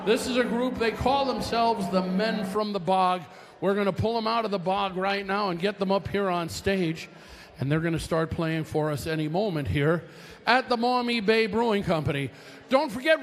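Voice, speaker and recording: A man's voice: high-pitched, normal speed. A man emceeing a live music night on a brewery stage, with folksy, joking stage patter. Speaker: bandleader and emcee. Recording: roomy live room with band music.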